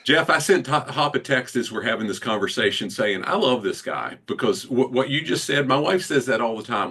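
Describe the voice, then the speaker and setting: A man's voice: medium pitch, lively intonation, a little fast, few pauses, sharp tone, slightly rough, far from the mic. A man co-hosting an interview, bantering crudely and laughing. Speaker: podcast co-host. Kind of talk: casual interview chat.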